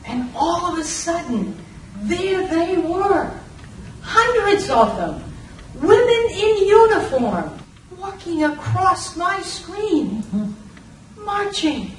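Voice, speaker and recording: An older woman from Massachusetts performing a personal story live, animated and slipping into voices and bits of song. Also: extremely high pitch, takes it slowly. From Lawrence, Massachusetts. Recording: roomy, distant from the mic, faint room noise.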